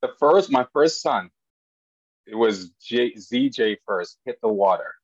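A man guesting on a podcast, telling stories about his family with lively energy and sudden high jumps when he quotes others. His voice sits at an ordinary male pitch. The recording sounds dry and a little dull, with no room echo. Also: unhurried, slightly rough. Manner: animated storyteller, voice jumps high for quoted lines. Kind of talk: storytelling in a podcast interview.

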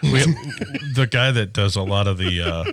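A man's voice: lowish voice, expressive, a little slow, no echo, clean studio sound. A man chatting as a podcast guest, telling stories in a talkative, easygoing way. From Atlanta area, US. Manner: chatty storyteller. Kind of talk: casual chat.

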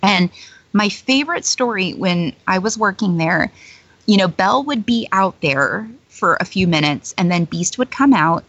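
A woman's voice: mid-range voice, lively intonation, moderate pace, a bit bright, husky, no room sound. Chatty woman telling stories, laughing. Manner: chatty storyteller, many fillers, laughs often. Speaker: guest, former theme-park character performer. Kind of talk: casual interview chat. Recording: dull lo-fi dry recording.

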